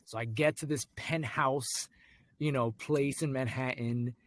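Young man telling a lively story. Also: medium pitch, unhurried, dry recording. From United States. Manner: animated, acts out voices in his anecdotes. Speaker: guest. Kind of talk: storytelling in casual conversation.

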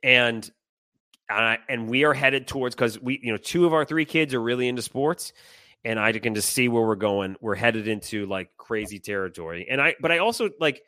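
A middle-aged man telling a heated personal story on a podcast, animated and swearing, acting out the people he quotes. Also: mid-range voice, moderate pace, no room sound, studio quality. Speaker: podcast co-host. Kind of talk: casual storytelling chat.

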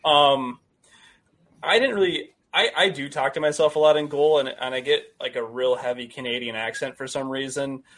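A man's voice: medium pitch, fairly even intonation, moderate pace, a bit bright. A man who coaches goalies, chatting casually with frequent laughs and rambling asides. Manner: giggly, rambling. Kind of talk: casual chat.

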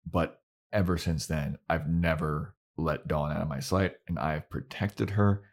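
A man's voice: medium pitch, sing-song, fairly quick, pitched above the performer's own voice. A man on a podcast voicing a sarcastic male vampire, swaggering and swearing, while retelling a scene. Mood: mock-sincere. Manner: swaggering, casual swearing, mock-apologetic. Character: sarcastic male vampire, brash then brooding.

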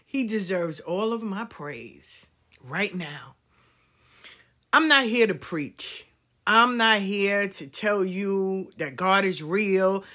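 Slow-paced and expressive, a woman with a mid-range voice and sharp tone tells stories as host of a talk show. Her casual monologue is chatty and profane, addressed to listeners in a drawling Southern style.

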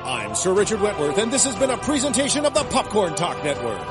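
A man playing a stately gentleman announcer. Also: high-pitched, huge pitch swings, fast. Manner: formal and announcer-like. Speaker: network outro announcer. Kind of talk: formal scripted sign-off. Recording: voice over loud music.

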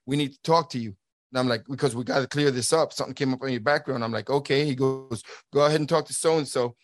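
A middle-aged former border agent, appearing as a guest, earnestly tells a personal story, acting out quoted dialogue and frequently restarting his words. His voice is medium-pitched and quick, recorded in a dry, clean studio.

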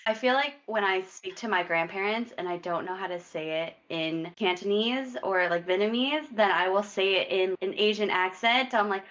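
A young woman tells a childhood story in an easy chat, animated and quick to laugh. Her voice is bright and forward. The recording is a little muffled. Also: mid-range voice. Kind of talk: casual chat.

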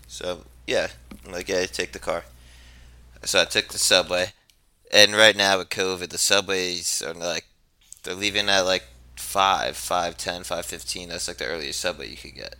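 A man's voice: low-pitched, moderate pace, pushed and bright, dry recording. A man telling a long story in a rambling, laid-back, profane way, as a podcast co-host. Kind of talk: casual storytelling. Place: New York.

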